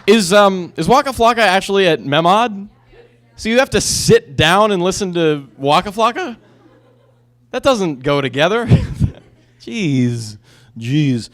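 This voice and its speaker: A young man doing stand-up, his voice sitting a little high for a guy. He rambles through his story, doubling back and restarting mid-sentence. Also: very animated, measured pace, fairly bright tone. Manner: rambling, self-interrupting storytelling. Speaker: stand-up comedian. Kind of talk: stand-up comedy set.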